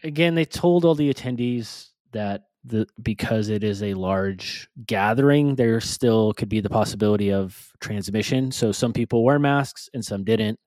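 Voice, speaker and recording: A man's voice: on the low side, normal speed, hardly any pauses, a little mellow, no echo. A man co-hosting a casual podcast, reading news stories aloud with stumbles and joking asides.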